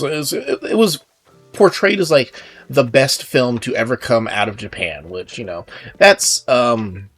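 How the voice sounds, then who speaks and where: A man talks casually over his gameplay, rambling and poking fun at himself. His pitch moves up and down a lot, and he stumbles through fillers and restarts. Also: fairly bright tone. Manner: rambling, self-deprecating, many fillers and restarts. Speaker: gaming video host.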